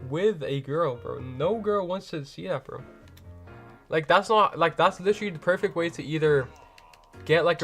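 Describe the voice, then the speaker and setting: A man hosting a livestream and chatting casually with viewers from home, rambling and packed with slang fillers. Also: on the high side. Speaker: livestream host.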